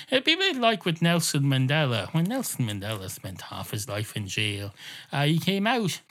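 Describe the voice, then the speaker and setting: A man's voice: medium pitch, a bit bright. A man hosting a comedy podcast, rambling through a digressive comic monologue. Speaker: podcast host.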